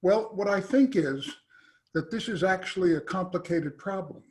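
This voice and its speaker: Man, professor, academic Q&A, hesitant, halting, lots of uh, slightly high voice. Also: a little mellow. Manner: hesitant, halting, many "uh" and restarts. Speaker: professor asking a question. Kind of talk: academic Q&A question.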